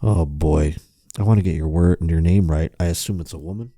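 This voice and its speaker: A sardonic male podcast host with a low, mellow voice reads news stories aloud and tosses in profane asides. He sounds worn out and low on energy. The room is dry and close. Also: fairly quick, no echo. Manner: profane, sardonic, riffing while reading articles aloud. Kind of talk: casual comedic podcast chat.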